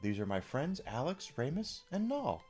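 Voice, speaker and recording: A man voicing a gentle, polite young woman traveler in a raised, soft-spoken voice. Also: fairly high pitch, very animated, moderate pace, faint music behind, voice pushed up.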